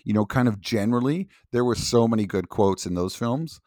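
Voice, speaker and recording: A man's voice: mid-range voice, brisk, a little mellow, dry recording, studio quality. A man co-hosting a comedy podcast in casual chat, meandering and hesitant, laughing easily. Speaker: podcast co-host.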